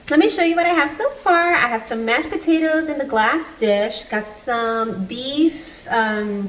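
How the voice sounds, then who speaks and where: A woman's voice: mid-range voice, slight background noise, low-quality recording. A woman in her thirties chatting in a casual home vlog from her kitchen, upbeat and laughing often. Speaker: vlogger.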